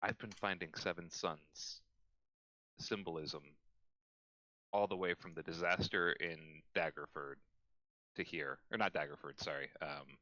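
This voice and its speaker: A man voicing a cautious, earnest young man who speaks in a careful, hushed way. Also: rumbling low, steady tone, moderate pace, dry recording, lo-fi sound.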